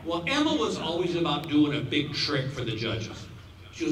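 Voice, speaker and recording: A man in his fifties telling a stand-up story on stage, animated and acting out voices as he laughs along. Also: on the high side, normal speed, slight background noise. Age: 50s. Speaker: stand-up comedian. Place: outdoor stadium show. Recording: echoey stadium sound from far off. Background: crowd laughter and ambience.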